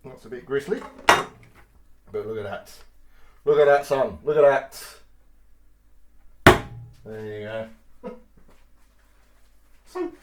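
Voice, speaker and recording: A man chatting and swearing casually as he cuts meat in his home kitchen. He laughs often and gets loud and then quiet. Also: medium pitch, a little hiss or hum. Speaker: vlogger. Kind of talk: casual cooking vlog. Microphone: mic on the kitchen table.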